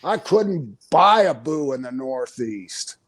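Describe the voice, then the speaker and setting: A man's voice: medium pitch, takes it slowly. An older man, a retired wrestler, telling stories in an interview, acting out quotes and laughing often. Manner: animated storyteller, acts out quotes, laughs often. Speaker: guest, retired pro wrestler. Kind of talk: storytelling interview.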